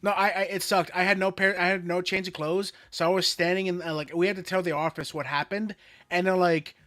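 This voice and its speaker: A young man co-hosting a casual podcast, telling stories with lively, profane energy. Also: high voice, brisk, no echo. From Florida, USA. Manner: animated storyteller, swears freely. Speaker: co-host.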